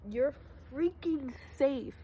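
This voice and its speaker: Slow-talking woman telling a raw personal story. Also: high voice, mellow, slight background noise. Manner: raw, profane, addresses viewers as y'all. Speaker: spiritual vlogger. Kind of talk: emotional personal storytelling to camera.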